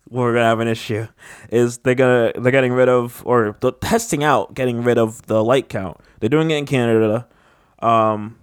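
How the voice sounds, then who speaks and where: A man's voice: medium pitch, steady tone, normal speed, clean tone, no room sound, studio quality. A man in casual chat, rambling with lots of filler words and a skeptical tone.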